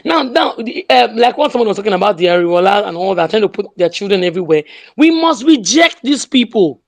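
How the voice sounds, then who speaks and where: A woman with a Nigerian accent speaks with fierce conviction, hammering home the same slogans again and again. Her voice sits at a middle pitch, and she slips into pidgin phrases as she rallies her listeners. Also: lively intonation, fast talker. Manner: emphatic, repeats slogans, mixes in pidgin. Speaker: speaker in an online audio room. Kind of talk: impassioned political speech.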